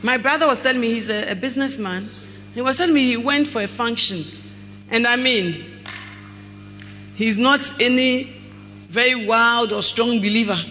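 A preacher giving a sermon, reading scripture slowly and telling stories with acted dialogue. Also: male voice, very high-pitched, sharp tone. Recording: echoey hall, faint mains hum.

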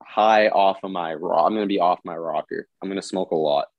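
A young man hosting a podcast, telling a story in a halting, animated way and swearing freely. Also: deep voice, no echo, narrow, tinny audio. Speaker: podcast host. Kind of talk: casual chat, storytelling.

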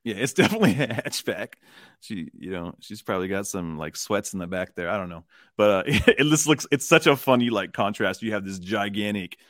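A man co-hosting a casual film discussion podcast, rambling and animated, acting out lines from scenes. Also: lowish voice, a little fast, no echo, clean studio sound. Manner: rambling, animated, acts out character lines in funny voices. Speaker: podcast co-host.

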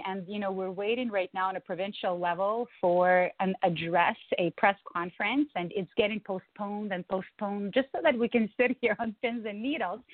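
A woman talks as a guest, warm and laughing often. The sound is dry and tinny, like a phone line. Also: mid-range voice, no room sound. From Ukraine. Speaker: guest, branding agency co-founder. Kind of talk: casual interview talk.

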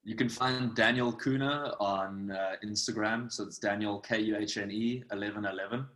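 A man's voice: on the low side, fairly even intonation, normal speed, fairly bright tone. A man in casual group chat, joking and laughing often.

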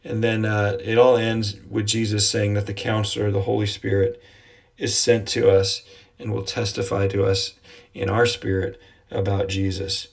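A man gives a devotional Bible lesson in a low, somewhat husky voice. His delivery stays fairly flat, earnest and repetitive, and he slows down deliberately when he quotes scripture. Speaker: Bible teacher.

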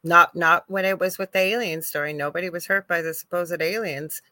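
A woman's voice: fairly low pitch, fairly even intonation, fairly quick, pushed and bright, dry recording. A woman from Canada co-hosting a live paranormal chat, talking emphatically and repeating her points. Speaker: co-host. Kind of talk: casual live-stream chat.

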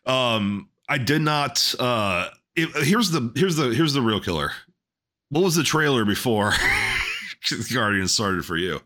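A man's voice: mid-range voice, expressive, measured pace, pushed and bright. A man co-hosting a casual podcast, crude and sarcastic, rambling through his points with many restarts. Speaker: podcast co-host.

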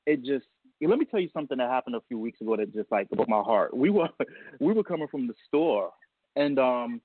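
A man's voice: medium pitch, animated, a little fast, slightly rough, dry recording. Male guest, heartfelt storyteller, laughs through it, dry tinny phone line. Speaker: guest, a father. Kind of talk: casual radio interview.

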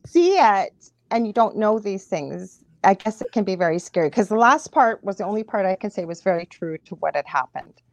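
A woman's voice: mid-range voice, no echo. Woman telling stories in dry close sound. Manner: animated storyteller, laughs often, quick asides. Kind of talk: casual chat, storytelling.

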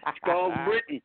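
A man's voice: high voice, vocal fry. An older man from Scotland, a veteran wrestler telling blunt, folksy stories with dry humor over a phone line. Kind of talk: casual storytelling on radio.

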